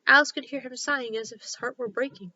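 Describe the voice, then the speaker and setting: A woman storyteller narrating a classic children's book in a gentle, steady read-aloud style. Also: high voice, fast, muffled recording.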